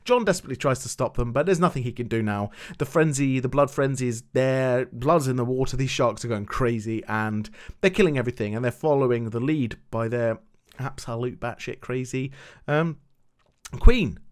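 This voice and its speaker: A man giving a rambling, animated review of a TV episode, repeating himself when indignant. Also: medium pitch, moderate pace. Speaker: show reviewer.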